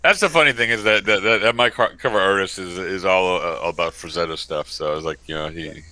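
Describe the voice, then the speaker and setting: A man's voice: sits low, brisk, bright, forceful tone, dry recording. A man in casual podcast chat who hesitates and repeats words often. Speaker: podcast co-host.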